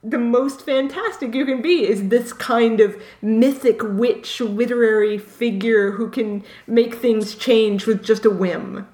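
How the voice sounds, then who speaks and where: A woman with a fairly high voice co-hosts a casual book podcast, her speech carrying a noticeable room echo. She offers thoughtful, measured remarks at an even pace. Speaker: podcast co-host. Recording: echoey room.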